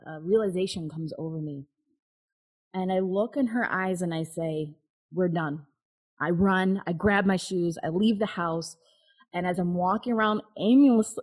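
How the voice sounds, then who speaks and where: A woman's voice: on the low side, a little mellow, breathy edge, rough recording. A woman guest telling a personal story in an interview, candid and open, laughing now and then. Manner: candid, with frequent restarts and nervous laughs.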